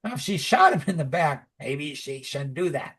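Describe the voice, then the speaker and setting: A middle-aged man talking casually on a podcast, rambling with lots of "like" and "you know" and animated asides. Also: on the high side, normal speed, husky. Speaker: podcast co-host. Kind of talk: casual conversational podcast talk.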